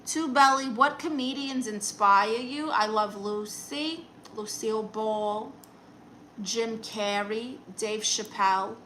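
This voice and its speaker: A woman's voice: fairly high pitch, slow, fairly bright tone, a little hiss or hum, poor audio. A woman comedian hosting a casual live stream, reading viewer comments in a sassy, teasing, chatty way. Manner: breaks into exaggerated put-on quote voices.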